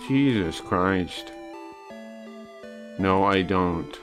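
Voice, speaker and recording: A man streaming live, answering chat in a combative, mocking and crude way, sometimes dropping to low mutters. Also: animated, a little slow, pauses often, a bit bright, soft background music. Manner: drops to low muttering asides. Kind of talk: casual live-stream rant.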